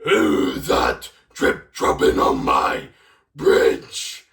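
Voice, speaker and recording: A man voicing a greedy, menacing male bridge troll with a hissing, breathy growl and slow, drawn-out threats. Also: rumbling low, huge pitch swings, a bit bright, roomy sound, distant mic, pitched below the performer's own voice, full character voice.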